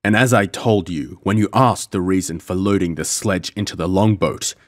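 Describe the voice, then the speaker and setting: A man voicing a cold, menacing male pirate captain with a deep voice in an audiobook. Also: moderate pace, no echo, studio quality, lightly acted.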